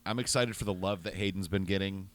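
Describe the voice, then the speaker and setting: A lower-voiced man co-hosts a podcast in loose, casual chat. He rambles with excitement and often restarts his sentences as his thoughts run ahead. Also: fast. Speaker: podcast co-host.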